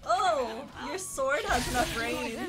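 A young woman streaming a video game, slightly hoarse from yelling, chatting casually and laughing often. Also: high voice, expressive, slow pace. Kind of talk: casual livestream chat while gaming. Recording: game music playing behind.

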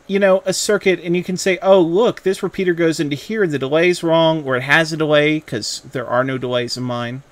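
A young man with a fairly high voice talks in a gaming video. He teases a rival creator with mock-pompous, playful banter. He lays down a friendly challenge with exaggerated grandeur. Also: no room sound.

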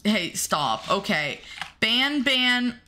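Woman streamer talking to chat, bright voice, slow and bouncy, easily spooked. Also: fairly high pitch, sing-song. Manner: jumpy, talks to the chat and the game, yelps when startled. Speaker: streamer playing a horror game. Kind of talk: casual gameplay commentary to chat.

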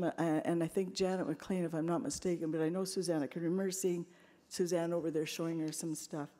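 In a large convention hall with long reverb, a woman with a fairly low, mellow voice shares an earnest, emotional personal testimony, telling a heartfelt story of her own life.

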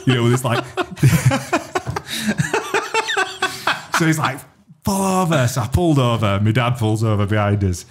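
A man, hosting a podcast and telling a story in a lively, sweary way. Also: mid-range voice, slow pace, long pauses, slightly rough. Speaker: podcast host. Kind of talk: casual chat.

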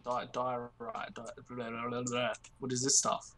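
A woman's voice: very deep voice, monotone, a little slow, fairly bright tone, slight background noise. An Australian woman in casual gaming chat with friends, playful and teasing. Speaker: gamer.

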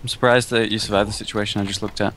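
A man's voice: on the low side, flat delivery, racing, a bit bright. A young man co-commentating a game, teasing his friend in a dry way.

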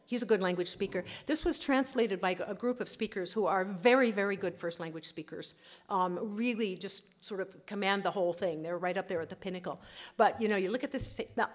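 At a conference, a woman linguist delivers a lively lecture in a medium-pitched voice. She's chatty, laughs often, and says "okay" a lot.

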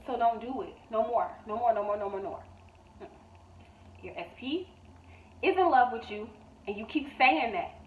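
A woman's voice: fairly high pitch, lively intonation, fairly quick, far from the mic, slight background noise. Woman with a thin, echoey phone-like sound. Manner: emphatic, repetitive, blunt and profane. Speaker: manifestation coach. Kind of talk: motivational vlog monologue.

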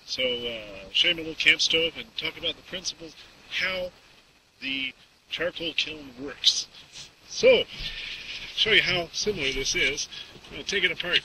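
Outdoors, a man casually demonstrates a camp stove, rambling in a folksy way with many fillers. His voice is a little high with lively intonation, a moderate pace, and long pauses, picked up by a distant mic with background noise.

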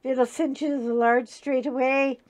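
A woman's voice: flat delivery, normal speed, lightly acted. A woman voicing an older mother who warns sternly from heaven, in a comic impression during a casual chat. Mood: warning. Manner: high, loud, preachy warnings.

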